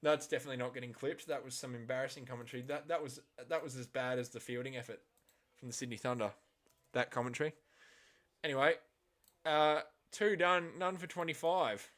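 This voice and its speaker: A man hosting a casual live reaction stream of a match, swinging from quiet muttering to loud, exasperated outbursts and swearing bluntly. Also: mid-range voice, fairly even intonation, fairly quick.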